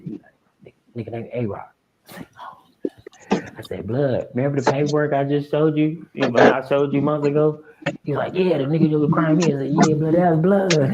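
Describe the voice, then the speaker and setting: A man's voice: medium pitch, brisk, noisy background. A man telling a story in casual slang, acting out other people's lines. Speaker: guest telling a prison story.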